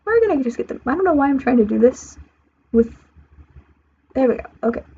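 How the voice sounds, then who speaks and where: A young woman streams a building game and rambles to herself, often correcting herself mid-sentence in casual commentary. Her high voice is sing-song, fairly quick, and a little breathy. The stream audio is slightly muffled with a faint hiss.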